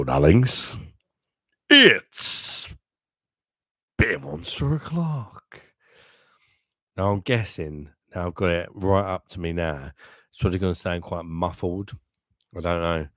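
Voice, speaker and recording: Man, very deep voice, casual livestream chat, reads viewer comments. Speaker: beer review livestream host. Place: home room.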